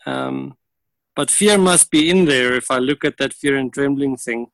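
A man in a prayer group on a video call, speaking hesitantly and reflectively with many pauses. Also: mid-range voice, lively intonation, gravelly, a bit bright, dry recording, poor audio. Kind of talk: casual sharing on a video call.

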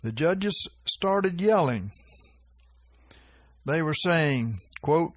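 Slow, husky-voiced preacher man. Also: medium pitch, lively intonation, dry recording. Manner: chuckles often, slow drawling delivery. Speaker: preacher recounting prophetic dreams. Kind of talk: informal religious teaching.

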